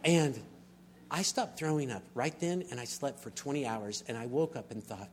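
Middle-aged preacher telling stories. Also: male voice, medium pitch, normal speed, a little hiss or hum. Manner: storytelling, builds to emphatic swells. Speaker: pastor. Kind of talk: sermon.

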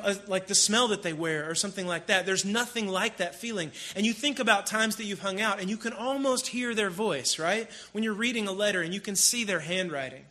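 A man preaching a sermon in a casual, storytelling way, with animated emphasis. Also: sits high. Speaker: pastor. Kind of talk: conversational sermon.

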